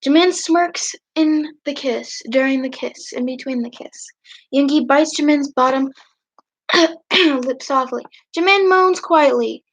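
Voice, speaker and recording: A woman hosting a livestream, casually reading fanfiction aloud. She breaks in with giggly, chatty asides and clears her throat now and then. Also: high-pitched, measured pace. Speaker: livestream host. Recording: dull lo-fi stream audio.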